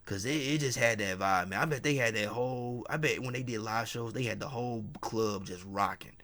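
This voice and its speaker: A man's voice: medium pitch, a little fast, fairly bright tone. A man casually reviewing a hip hop album track by track, enthusiastic and repeating himself, dropping "man" often. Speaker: music reviewer.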